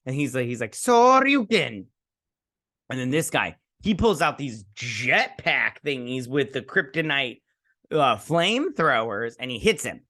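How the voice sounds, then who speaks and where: A man's voice: mid-range voice, lively intonation, moderate pace, pushed and bright. A young man from Michigan casually recapping a TV episode, rambling and acting out characters' lines as he goes. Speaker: host.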